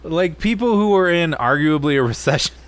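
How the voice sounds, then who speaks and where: A man co-hosting a casual podcast, ranting in an animated way and swearing a lot. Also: on the high side, a little fast, no room sound. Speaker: podcast co-host.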